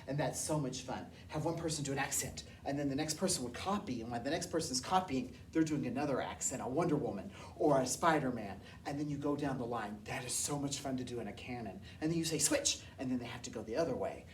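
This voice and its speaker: A woman music teacher, enthusiastic and lively, explaining and leading a workshop. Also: a bass voice, fast, few pauses, distant mic, slight background noise.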